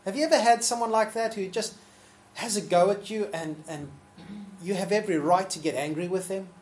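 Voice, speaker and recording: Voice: mid-range voice, fairly quick. A preacher delivering a sermon in an easygoing, conversational way, with frequent ums and uhs. Scripture is retold like a story, and the quoted people get acted out now and then. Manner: conversational, with fillers, acting out the quoted speakers.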